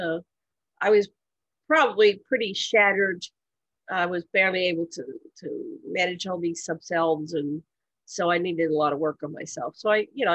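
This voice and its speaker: A woman's voice: lowish voice, fairly bright tone, husky, no echo, poor audio. A woman presenting a workshop in a casual, rambling way with many fillers and restarts.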